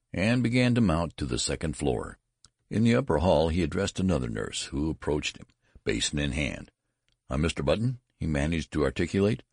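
A man narrating a story in an expressive audiobook reading, voicing each character. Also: a bass voice, gravelly, husky, no room sound, studio quality.

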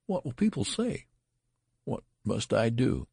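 A man voicing a frantic, horrified father who cries out hoarsely, in an audiobook. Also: medium pitch, very animated, measured pace, a little mellow, no room sound, studio quality, pitched above the performer's own voice, heavily acted. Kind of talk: audiobook character voice.

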